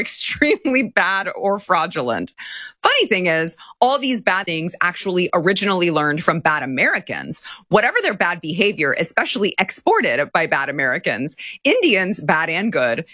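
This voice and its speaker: A woman's voice: lowish voice, bright, forceful tone, no echo, clean studio sound. A woman hosting a talk show in casual commentary, exasperated and laughing often. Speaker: show host.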